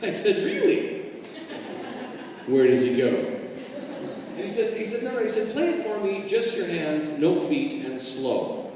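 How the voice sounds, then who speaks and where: A man recounting a comic story to a live audience, animated and acting out the voices and drum parts he describes. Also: on the high side, moderate pace, very noisy. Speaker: drummer telling a story. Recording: roomy hall from far off, music behind.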